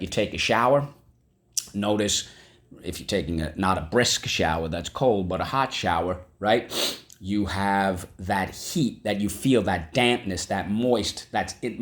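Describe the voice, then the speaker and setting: A man's voice: lowish voice, unhurried. A man teaching a vocabulary lesson, spelling words out and checking in often with the class. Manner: animated, spells words aloud and checks in with "okay? right?".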